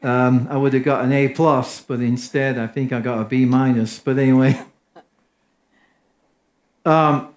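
A man with an English accent preaching a sermon as pastor, emphatic and lively when quoting others. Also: a little slow. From England. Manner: emphatic, rises in pitch for quoted crowds. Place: church. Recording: echoey church room.

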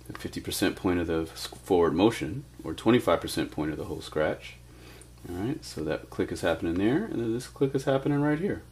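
A deep-voiced man teaches turntable scratching in a loose, casual way, walking through each step and dropping in "all right" as he goes. Faint clicking sounds sit behind his voice. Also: a little hiss or hum. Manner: relaxed, explains step by step with many "all right"s. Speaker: DJ scratch instructor. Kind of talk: casual instructional demo.

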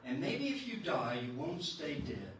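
A man voicing a kind, bold young maiden in a story sermon, speaking gently and earnestly, recorded in an echoey church. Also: a little high, huge pitch swings, measured pace, distant mic, noisy background.

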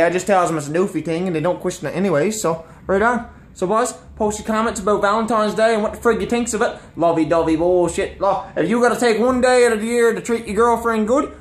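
A man's voice: very high-pitched, brisk, low-quality recording. A man with a Newfoundland accent in a blunt, exasperated comic rant full of local slang. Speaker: comedy vlogger.

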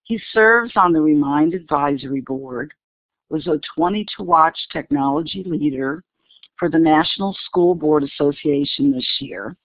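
A hoarse woman from New Orleans with a scratchy voice, reading out guest introductions as a webinar co-host. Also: low voice, moderate pace, dry recording. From New Orleans, Louisiana. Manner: reads a long list of awards. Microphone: online webinar call audio. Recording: tinny phone-like webinar audio, dry.

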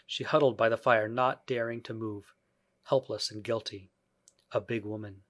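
A male audiobook narrator reading a children's classic in a measured, even scripted narration. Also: on the low side.

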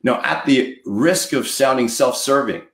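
A man's voice: mid-range voice, measured pace, echoey room. A man giving a motivational talk as a coach, emphatic and preachy, repeating lines for effect. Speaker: mortgage marketing coach.

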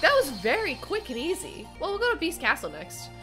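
A woman's voice: high-pitched, a little fast, over music. A woman playing a video game on stream, chatting goofily to the characters and joking, with a sore throat. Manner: goofy, excitable, talks to the game characters. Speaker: gaming streamer. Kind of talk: casual let's-play commentary.

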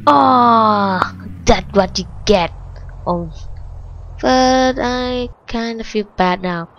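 Woman, Vietnamese accent, let's-play commentary, slow pace, simple non-native English, excitable. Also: dull audio, a little hiss or hum. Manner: excitable, jumps from muttering to high shrieks when scared. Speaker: gaming channel host.

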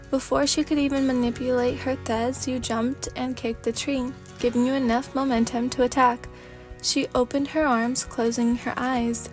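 A woman narrating a fanfic as a sleepy ASMR reading, in a calm, steady storybook manner. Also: high-pitched, normal speed, soft background music.

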